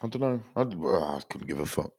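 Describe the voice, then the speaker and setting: Podcast co-host: very low male voice, sweary rambler, dry close mic. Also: big pitch swings, a little fast, darkish tone, husky, dry recording. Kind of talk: casual chat.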